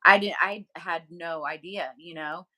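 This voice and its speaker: A woman's voice: on the low side, fairly even intonation, a little slow, sharp tone. A woman co-hosting a casual talk show, telling a personal story with lots of fillers and acting out the voices of people she quotes. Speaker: medium and podcast co-host.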